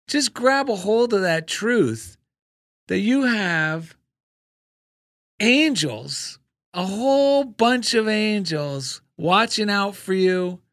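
A man hosting a spiritual talk show in casual chat, telling stories with lively energy and bursting into loud cartoon impressions. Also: sits high, slow. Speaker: radio show host.

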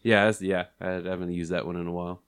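A young man chatting casually with friends, loud, crude and laughing often. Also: deep voice, little pitch movement, fast, smooth. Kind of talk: casual profane chat.

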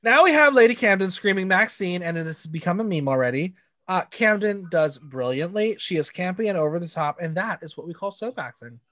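A man with a notably high voice hosts a casual recap chat. His delivery is snarky and gossipy, full of quick asides and one-liners. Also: expressive, sharp tone, no room sound. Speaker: podcast co-host recapping a reality show.

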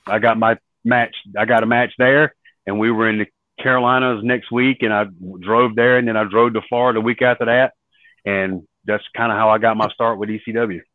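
A man's voice: lowish voice, a little fast, no room sound. Man telling stories on a tinny line. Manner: animated storyteller acting out quoted voices. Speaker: podcast guest, former wrestler. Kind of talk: storytelling in an interview. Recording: dry tinny phone-like line.

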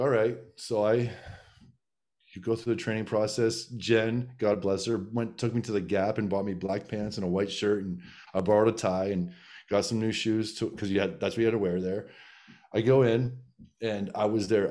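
A man's voice: lowish voice, darkish tone. A middle-aged man casually telling a long personal story, with many restarts and fillers. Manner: rambling, frequent restarts and filler.

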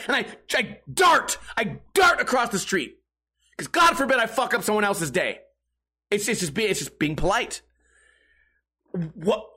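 Young dude ranting on his podcast, swearing nonstop, bright voice that jumps all over. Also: very high-pitched, husky. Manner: loud, profane, exasperated ranting with laughs. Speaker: podcast host. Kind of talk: casual ranting monologue.

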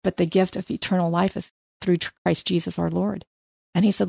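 A middle-aged woman leading a casual Bible study chat, telling lively stories about her husband and reading scripture slowly. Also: fairly low pitch, creaky, dry recording, studio quality. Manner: animated storyteller, reads scripture slowly.

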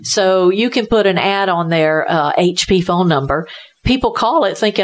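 A woman's voice: on the low side, expressive, normal speed. A woman who runs a tech support business for seniors, talking earnestly in a conversational interview and repeating her points for emphasis.

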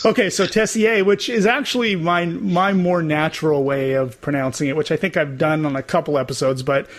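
A man co-hosting a casual podcast, chatty and quick to laugh, often restarting his sentences. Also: on the high side, fairly even intonation. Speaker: podcast co-host. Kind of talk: casual chat and interviewing.

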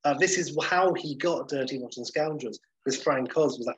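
A man chatting casually as co-host, making quick, chatty interjections, on a lo-fi recording with faint noise. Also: mid-range voice, fairly bright tone. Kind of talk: casual chat.

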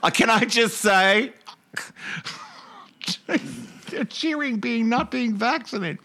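A man's voice: very high-pitched, slow pace, pushed and bright. A man hosting a comedic political show, mocking the news and laughing often. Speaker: host.

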